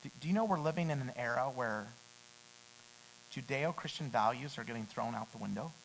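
A middle-aged man preaching a sermon. He climbs to loud, emphatic peaks and then drops back to a quiet storytelling tone. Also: medium pitch, animated, brisk, vocal fry, slight background noise, poor audio.

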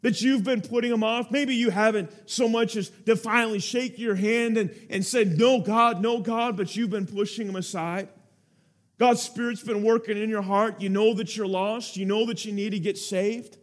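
A man's voice: high-pitched, fairly even intonation, normal speed. A man preaching a sermon, telling a story with earnest feeling and building to urgent appeals to his listeners.

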